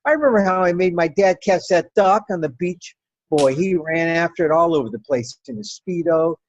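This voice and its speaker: A woman telling a personal story in an animated, wry and profane way. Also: on the low side, moderate pace, muffled recording.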